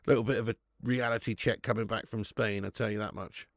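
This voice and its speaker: A man's voice: lowish voice, fairly even intonation, a little fast, fairly bright tone, no echo, clean studio sound. A man hosting a live football watch-along, swearing and laughing as he bants with viewers in the chat.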